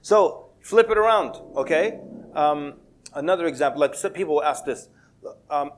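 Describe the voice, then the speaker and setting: Guy giving a talk at a mosque, kinda high voice, jokey and animated, tosses in arabic words. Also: normal speed. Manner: animated, playful, drops Arabic words, laughs often. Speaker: Muslim speaker giving a talk. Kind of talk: lively talk at a mosque with jokes and acted quotes. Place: mosque hall with audience.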